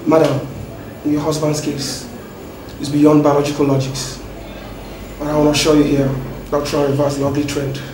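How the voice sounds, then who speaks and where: An actor plays a doctor explaining in a flat, measured, apologetic way. He sounds far off in an echoey room, with steady noise behind. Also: on the high side, natural voice. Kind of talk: Nollywood film acting.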